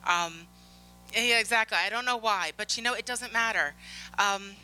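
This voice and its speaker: A woman giving a conference keynote, telling work stories in a lively way, acting out the dialogue and laughing often. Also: medium pitch, normal speed, clear, resonant tone, faint music behind, rough recording. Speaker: conference speaker on security. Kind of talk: keynote storytelling. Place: conference stage.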